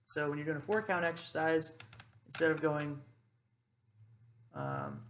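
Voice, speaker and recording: A man's voice: on the high side, fairly even intonation, moderate pace, vocal fry, fairly bright tone. A young man, a cadet, casually explaining how to call exercises and demonstrating drill cadence. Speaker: ROTC cadet instructor. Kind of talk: informal instructional explanation.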